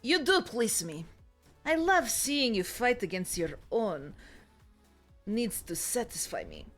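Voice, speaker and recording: A woman voicing a commanding, teasing young woman in a slow, low delivery, reading a romance novel aloud. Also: very animated, soft background music, exaggerated voice.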